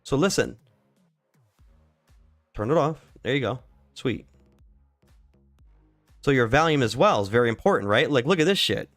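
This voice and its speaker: A man's voice: mid-range voice, expressive, moderate pace, pauses often, a bit bright, dry recording, faint music behind. A man hosting a casual livestream, talking loosely and profanely with lots of "dude" and "like.". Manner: loose, slangy and profane, says "dude" and "like" often. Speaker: livestream stock market host. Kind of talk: casual live trading chat.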